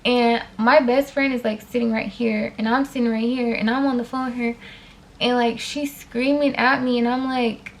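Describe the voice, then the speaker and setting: A woman telling a personal story to her viewers in a casual storytime vlog, animated, with frequent fillers and direct asides to them. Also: a little high, moderate pace.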